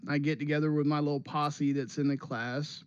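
Animated man spinning a story. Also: fairly high pitch, normal speed, clean tone, no room sound, highs cut off. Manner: animated storyteller, repeats himself to restart. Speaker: podcast host. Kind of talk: casual storytelling chat.

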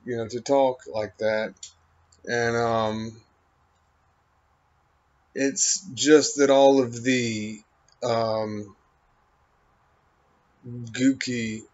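A man in a halting, meandering stream-of-consciousness monologue, full of fillers and trailing thoughts. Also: medium pitch. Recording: dull lo-fi recording.

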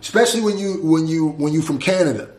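A laid-back man talks through a reaction video, repeating lines back and musing over them. His voice sits a bit high for a man. The room around him is noticeably echoey. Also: quick pace, a little mellow. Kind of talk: casual reaction commentary.

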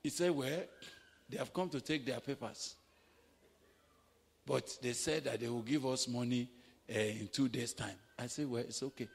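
A man with a Nigerian accent preaching a sermon, telling stories and acting out quoted voices, his delivery swinging from hushed to shouting. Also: mid-range voice, normal speed, gravelly, long pauses, breathy edge, in a large hall. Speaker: pastor. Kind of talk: sermon with storytelling.

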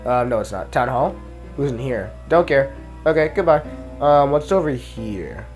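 A man's voice: mid-range voice, expressive, moderate pace, darkish tone, soft background music. A man giving casual let's play commentary, mumbling and thinking aloud as he explores. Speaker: gameplay commentator.

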